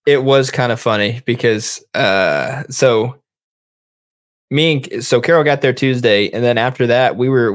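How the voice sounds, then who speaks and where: A young man in casual chat, telling a story in a relaxed, rambling way. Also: medium pitch, dry recording, clean studio sound.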